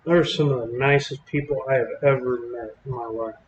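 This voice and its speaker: A man's voice: medium pitch, steady tone, a little fast, roomy sound, muffled recording, slight background noise. A man from Texas giving casual, rambling live-stream commentary on storms while chatting with viewers. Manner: chatty, rambling, drawling with fillers.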